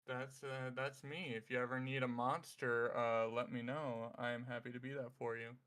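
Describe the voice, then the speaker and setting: Casting: man, bright smooth voice, halting casual intro full of fillers. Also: mid-range voice, flat delivery. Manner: halting, many fillers, swears and laughs. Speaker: guest voice actor and game master.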